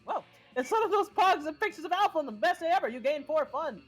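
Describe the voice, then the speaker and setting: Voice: sits high, lively intonation, quick pace, a bit bright, faint music behind, low-quality recording. A streamer reading out a dating game's text to friends, with asides.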